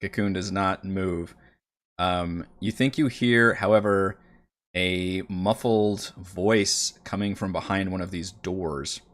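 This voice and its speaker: Low-voiced man running a tabletop game. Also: fairly even intonation, slow pace. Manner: hesitant, filler-laden description. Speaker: dungeon master.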